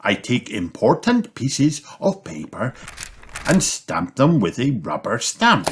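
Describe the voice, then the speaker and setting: A man's voice: medium pitch, wildly swooping pitch, takes it slowly, pitched above the performer's own voice. A man doing a matter-of-fact office rabbit. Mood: proud. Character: earnest office-worker rabbit. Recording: noisy home recording with clicks.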